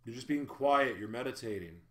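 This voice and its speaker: A man delivers a sermon in an easygoing, conversational style, full of animated asides and playful tangents. His voice sits in a middle register. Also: medium pitch, brisk. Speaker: pastor. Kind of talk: casual sermon.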